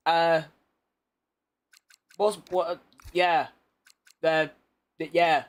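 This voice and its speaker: Chatty young British man with a high voice. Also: little pitch movement, extremely slow. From Britain. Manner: chatty, blunt, reads chat and banters back. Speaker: gaming streamer. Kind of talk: casual commentary over gameplay.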